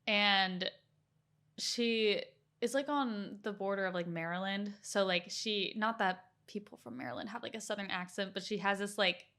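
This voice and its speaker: A woman's voice: medium pitch, normal speed, sharp tone. A young American woman co-hosting a casual podcast chat, full of "like" fillers and easy laughter. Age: young adult. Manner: chatty, lots of "like" fillers, laughs as she talks. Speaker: podcast co-host, daughter.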